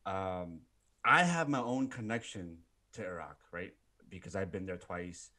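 Low-voiced Pakistani man, earnest and reflective, feeling his way through his words. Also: unhurried, sharp tone. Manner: earnest, searching for words with frequent fillers. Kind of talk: reflective interview talk.

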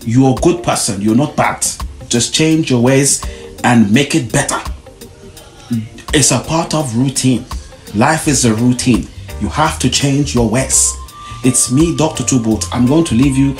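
A man's voice: medium pitch, a little slow, soft background music. Preachy man with swooping emphasis. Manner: preachy, repeats short warnings. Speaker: vlogger. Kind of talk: motivational monologue to camera.

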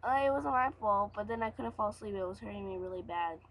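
A young woman who is sick and congested, chatting casually on a home webcam. She giggles as she explains the jokes, and her voice sits at an ordinary middle pitch. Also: fast talker, rough recording. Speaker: web show co-host. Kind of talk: casual chat.

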